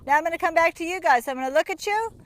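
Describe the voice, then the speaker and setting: High-voiced New riding instructor. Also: female voice, rapid-fire, fairly bright tone. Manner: friendly, chatty, explains with everyday examples. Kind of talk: instructional talk while riding. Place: outdoors at a rural horse yard.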